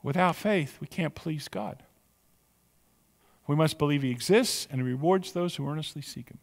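A pastor preaching a sermon with emphatic, drawn-out stressed words in a church sanctuary. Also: male voice, fairly high pitch, in a large hall.

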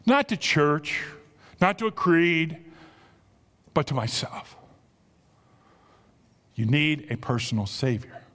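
A man with a South Jersey accent preaching a sermon, animated and exclamatory, full of rhetorical questions. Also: on the high side, takes it slowly, long pauses, big-room sound. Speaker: pastor.

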